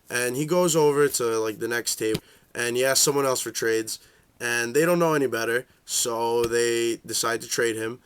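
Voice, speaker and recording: A young man rants casually at medium pitch, swearing freely and padding his sentences with fillers. He rambles from one point to the next in a loose, unscripted way. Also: normal speed, a bit bright, clear, resonant tone. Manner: profane, rambling, full of fillers; shifts into high voices for quoted reactions. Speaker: card game vlogger. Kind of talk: casual rant.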